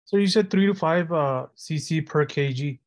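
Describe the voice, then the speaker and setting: A male student with a fairly high voice asks his teacher a question, pausing with fillers as he goes. The sound is dry, with no room echo.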